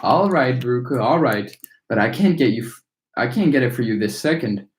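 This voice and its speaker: A man's voice: mid-range voice, lively intonation, brisk, lightly acted. A man voicing a weary, indulgent father who soothes and stumbles, in an echoey room. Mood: soothing. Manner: soothing, flustered.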